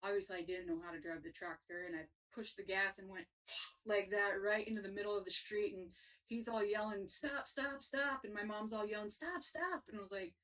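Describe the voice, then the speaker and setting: A woman's voice: mid-range voice, fast, recorded from a distance. A woman co-hosting a casual talk show, telling funny stories with lots of laughs. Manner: animated, laughing storyteller. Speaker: podcast co-host. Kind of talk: casual storytelling.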